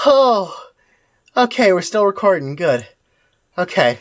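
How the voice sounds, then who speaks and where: A woman reacting to a video game playthrough, excitable and often sarcastic. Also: medium pitch, slow pace. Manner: excitable, shrieking cheers and laughter. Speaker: gamer.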